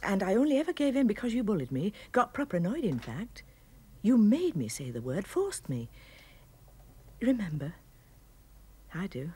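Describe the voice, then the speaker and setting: A wistful wife in an old tv drama, speaking her letter in a low, breathy near-whisper. Her pitch sits fairly low yet swings freely as she recalls the past. The tone stays soft and intimate throughout. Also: exaggerated voice. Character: wife fondly recalling early courtship. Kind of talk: 1970s television drama, letter voice-over.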